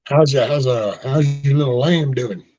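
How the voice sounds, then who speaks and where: A man's voice: mid-range voice, moderate pace, highs cut off. A man hosting a casual chat, rambling through folksy stories with mild cursing and acted-out quotes. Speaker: host of a casual live chat.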